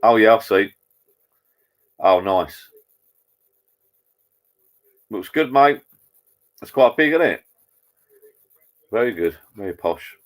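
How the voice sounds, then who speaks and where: Man, deep low voice, laid-back live stream host, rambling chat, greeting viewers by name, talking into a laptop. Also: animated, slow, long pauses. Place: garden bar at home.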